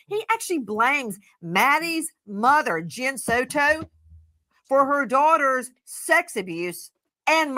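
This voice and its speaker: A woman's voice: high voice, sharp tone. An older woman hosting a true-crime broadcast, delivering in an emphatic, punchy style. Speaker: crime show host.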